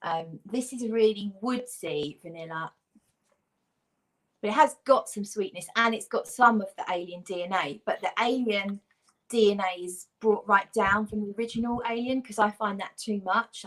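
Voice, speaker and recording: On a livestream, a guest from Britain gushes about scents in an enthusiastic, chatty, casual conversation about fragrances. She speaks at medium pitch and normal speed, her tone a bit bright.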